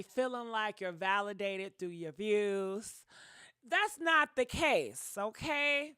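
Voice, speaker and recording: A woman's voice: fairly high pitch, a bit bright, smooth, dry recording, studio quality. A young woman hosting a gossip livestream, chatting casually and dramatically with viewers and thanking donors. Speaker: gossip channel host.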